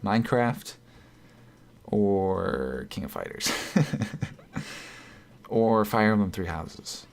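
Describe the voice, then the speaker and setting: A man's voice: fairly low pitch, animated, drawn-out words, vocal fry, long pauses. A man streaming live, chatting casually and reading out viewer comments, rambling and correcting himself. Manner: rambling, self-correcting, chuckles often.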